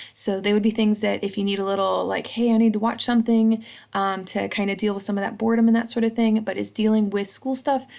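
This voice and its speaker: A woman's voice: mid-range voice, creaky, darkish tone. A woman teacher giving a recorded history lesson, chatty and casual, checking in with a "right?" after each point. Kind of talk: recorded slideshow lecture.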